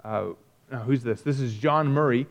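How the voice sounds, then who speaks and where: A man's voice: medium pitch, normal speed, dull audio. A man teaching a theology lesson, reading quoted passages aloud and explaining them in an earnest, emphatic way with frequent restarts.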